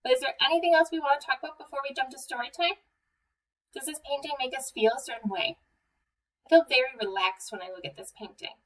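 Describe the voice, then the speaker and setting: A friendly young American woman leads a children's art lesson, talking clearly and asking her viewers questions. Her voice sits fairly high and is picked up from a little way off the mic. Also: quick pace, a bit bright, recorded from a distance, poor audio. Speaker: museum educator.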